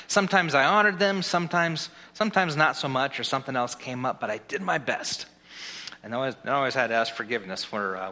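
A man's voice: medium pitch, sharp tone. A man, a pastor giving a playful children's sermon and quizzing the congregation. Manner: playful, chatty, asks the crowd questions. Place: church sanctuary. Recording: long hall reverb.

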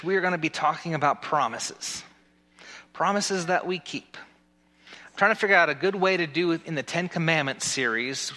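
A man's voice: a little high, bright, forceful tone. A man, a pastor giving a playful children's sermon and quizzing the congregation. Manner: playful, chatty, asks the crowd questions. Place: church sanctuary. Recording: long hall reverb.

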